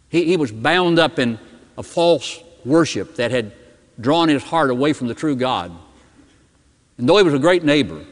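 A middle-aged pastor preaching a sermon and telling a story, dropping his voice low and soft for key words. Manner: storytelling preacher, dramatic drops in pitch and volume. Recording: long hall reverb.

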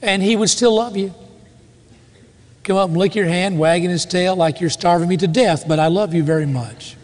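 A man preaching a sermon with emphatic, slow dramatic pauses. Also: high voice. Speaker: pastor. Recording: reverberant hall.

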